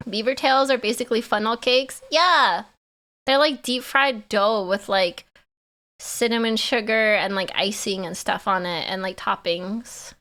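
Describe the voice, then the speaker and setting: A Canadian woman streamer with a medium-pitched, pushed, bright voice talks a little slowly. She chats playfully with her viewers in a casual live stream, giggling often and responding to chat.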